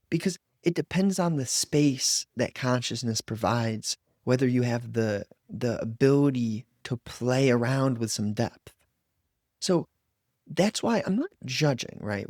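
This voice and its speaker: A man's voice: medium pitch, a little mellow, no room sound, studio quality. A man hosting a solo podcast, talking in a loose, reflective way with many fillers and restarts. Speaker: podcast host. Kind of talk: solo podcast monologue on inner growth.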